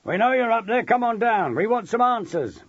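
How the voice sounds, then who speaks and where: A man reading an audiobook voices an angry father who shouts demands at a teacher on behalf of a crowd. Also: high voice, big pitch swings, moderate pace, no echo, highs cut off, voice pushed up. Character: loud angry father leading a mob.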